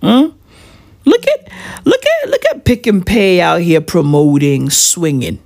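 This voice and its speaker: A man's voice: sits high, sing-song, measured pace, creaky, darkish tone. A man, doing a profane, rambling comic monologue full of "right?" and "bruv". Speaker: comedian vlogger.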